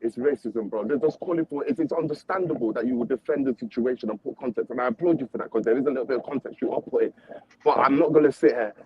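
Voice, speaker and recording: A man's voice: medium pitch, quick pace, breathy edge, muffled recording. A man on a panel stream, arguing heatedly and repeating himself. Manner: impassioned, repetitive, confrontational. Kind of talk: heated debate.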